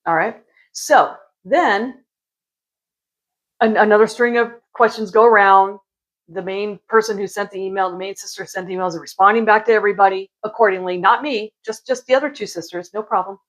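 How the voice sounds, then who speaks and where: A vlogger in her forties casually tells a story to camera in a medium-pitched, fairly bright voice, brisk and steady in tone, on a low-quality recording. She's chatty and exasperated, acting out what other people said and sipping wine as she talks.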